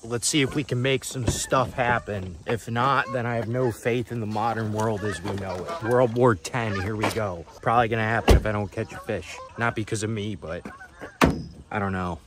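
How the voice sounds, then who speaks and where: A man's voice: on the low side, steady tone, moderate pace, heavy background noise. Joking young man fishing by a river. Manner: jokey, rambling, talks to viewers while fishing. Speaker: fishing vlogger. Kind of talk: casual vlog narration. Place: outdoors by a river at night.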